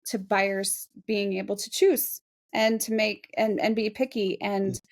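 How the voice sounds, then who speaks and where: A woman's voice: mid-range voice, steady tone, measured pace. A woman in her forties, a real estate agent, chatting in an interview in a self-deprecating, laughing way. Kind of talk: casual interview chat.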